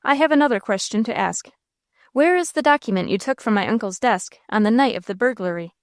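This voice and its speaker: A woman voicing a cold, scheming young gentleman villain in an audiobook, speaking coolly and sternly. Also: a little high, animated, a little fast, no echo, studio quality. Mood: cold, probing. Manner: cool, stern, sneering.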